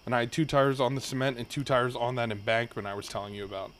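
A young man in a laid-back podcast chat, spinning a rambling anecdote and swearing freely as he goes. His voice sits in an ordinary middle pitch and the delivery stays loose and conversational. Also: fast, a bit bright. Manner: rambling, profane anecdote telling. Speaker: podcast host. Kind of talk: casual storytelling chat.

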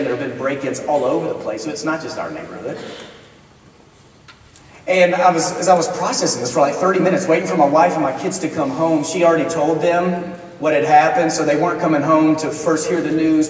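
A man preaching in a conversational, storytelling way, earnest and wry, his voice a little higher than most. He is picked up from a distance in a chapel, with a long echo trailing his words and a faint hum of the room underneath. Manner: conversational, earnest, with self-deprecating humor. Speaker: minister. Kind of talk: storytelling sermon. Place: college chapel. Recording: echoey chapel from far off.

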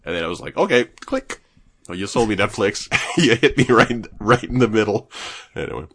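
A man's voice: fairly low pitch, a little fast, slightly rough. A man hosting a podcast in casual chat, telling stories with lots of swearing and acting out what people said. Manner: animated storyteller, swears often, acts out quotes loudly. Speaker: podcast host.

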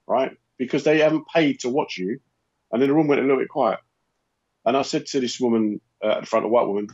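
A man's voice: medium pitch, fast. A man, a comedian and host, telling a stand-up anecdote in casual chat and acting out the voices in it. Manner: animated, acts out quoted voices in anecdotes. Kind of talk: casual comic storytelling. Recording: dull, slightly lo-fi podcast audio.

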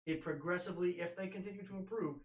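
A man's voice: high-pitched, quick pace, roomy sound, rough recording. A young man co-hosting a casual sports podcast, giving opinionated, teasing analysis. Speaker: podcast co-host.

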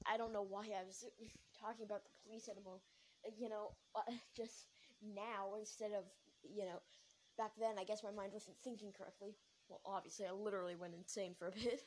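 A woman's voice: on the high side, steady tone, a little fast, a little mellow, slight background noise, low-quality recording. A young woman telling a story casually. She rambles, uses lots of fillers, corrects herself and laughs now and then.

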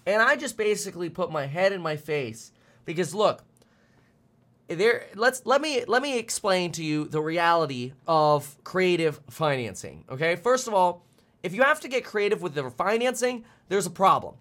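A man's voice: high-pitched, animated, normal speed, fairly bright tone. A man streaming finance commentary, ranting bluntly and fired up, often stumbling over repeated words.

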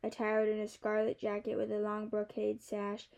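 A young woman reading a novel aloud in the first person, measured and softly expressive. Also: mid-range voice, creaky. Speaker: audiobook narrator.

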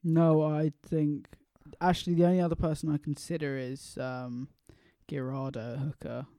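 A young man co-hosting a podcast, teasing his friend in casual banter, laughing often and quick to disagree. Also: on the high side, little pitch movement, warm tone, dry recording, clean studio sound. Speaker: podcast co-host.

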